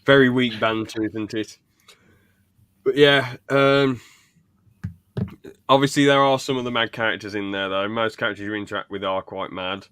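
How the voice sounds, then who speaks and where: A man's voice: on the low side, steady tone, normal speed, long pauses, a bit bright, clean tone, dry recording, studio quality. A young man co-hosting a podcast, rambling through sitcom scenes and laughing as he retells them. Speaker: podcast co-host. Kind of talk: casual chat recapping a sitcom.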